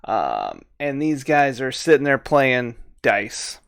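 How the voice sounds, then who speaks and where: A man's voice: mid-range voice, wildly swooping pitch, slow pace, vocal fry, fairly bright tone, dry recording, studio quality. A man running a tabletop game as game master, narrating easily and laughing often.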